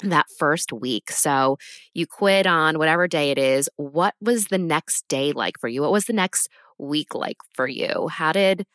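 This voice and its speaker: A woman's voice: sits low, expressive, a little slow, fairly bright tone, dry recording, clean studio sound. A woman from New York, hosting the interview in an earnest, composed way. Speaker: host. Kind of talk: podcast interview.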